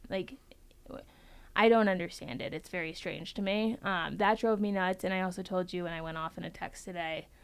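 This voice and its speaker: A woman's voice: on the low side, smooth. A young woman talking bluntly and emphatically on a casual podcast panel, swearing freely.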